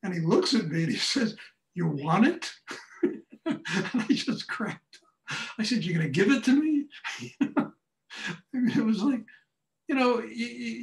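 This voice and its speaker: An older man teaching a meditation class, telling stories in a blunt, animated way, often breaking into laughter. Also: high-pitched. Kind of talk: storytelling lecture. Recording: echoey room, far from mic.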